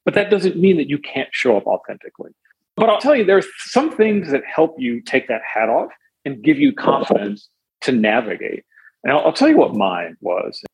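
A man speaking on a panel as an animated storyteller who weighs in on the question. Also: mid-range voice, moderate pace, low-quality recording. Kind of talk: panel discussion.

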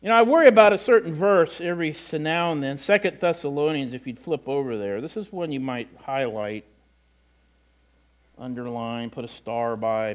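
A man's voice: a little high, dull audio. A middle-aged male pastor preaching a sermon in a conversational way, with self-deprecating asides and frequent repetitions.

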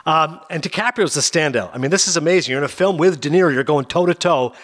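A man hosting a radio show, chatting casually and quickly about movies, rambling and animated. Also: on the high side. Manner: fast, rambling, animated with impressions. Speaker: radio host. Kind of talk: casual film talk.

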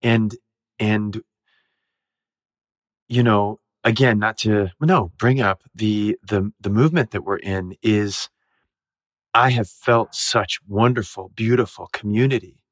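A man, a musical theatre actor guest, telling stage stories in a casual, animated way, laughing and acting out the lines he quotes. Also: on the low side, slow, pauses often, no echo, studio quality. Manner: animated, giggly storyteller who acts out quotes.

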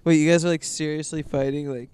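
A young man in a relaxed chat, his voice smooth and slightly raised. He talks with a laid-back, hesitant manner in a dry, close recording. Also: a little high, quick pace, dry recording. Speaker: podcast co-host. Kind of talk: casual chat.

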